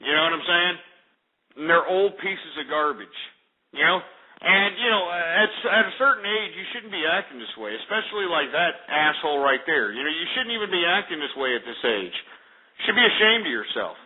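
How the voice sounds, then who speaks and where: A man's voice: fairly high pitch, expressive, moderate pace. A man hosting a call-in radio show, ranting and hurling insults at callers. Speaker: radio talk show host. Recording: lo-fi phone-like radio audio.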